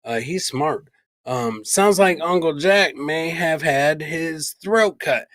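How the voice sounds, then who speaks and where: A man's voice: on the high side, slow, fairly bright tone, no room sound. A man co-hosting a podcast, retelling a crime story in a casual style with irreverent, crude jokes. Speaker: podcast co-host. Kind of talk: casual comedic true-crime chat.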